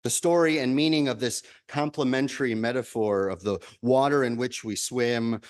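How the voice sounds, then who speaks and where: A male minister giving a measured, reflective sermon, repeating key lines for emphasis. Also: medium pitch.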